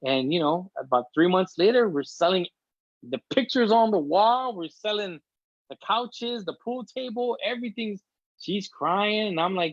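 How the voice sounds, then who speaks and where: A man's voice: high-pitched, animated, a little slow, no room sound, dull audio. Emotional middle-aged man telling a story. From Chicago. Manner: emotional, chatty storyteller acting out quotes. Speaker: interview guest. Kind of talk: casual storytelling interview.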